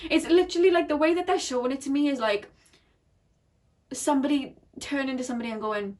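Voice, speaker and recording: A woman's voice: high voice, fast, a little mellow. Chatty, laughing woman reading tarot. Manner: chatty, laughs often, many fillers like "like" and "you know". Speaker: tarot card reader. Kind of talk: casual pick-a-card tarot reading.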